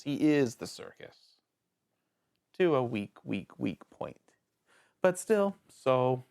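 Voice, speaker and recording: A man hosting a casual video review show, talking in an animated, jokey way that rambles and interrupts itself, with sudden jumps in pitch. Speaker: host of a villain-ranking show.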